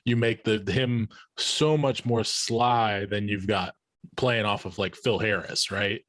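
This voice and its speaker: A man's voice: on the low side, steady tone, slow, fairly bright tone, dry recording. A man hosting a podcast in casual chat, rambling with frequent restarts and fillers. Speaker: podcast host.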